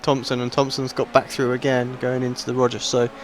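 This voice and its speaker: A man gives easygoing, conversational race analysis, with fillers between thoughts. His voice is of middling pitch. Loud race car engines run behind him. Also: completely flat delivery, brisk, a little hiss or hum. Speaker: race commentator. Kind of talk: live sim racing colour commentary.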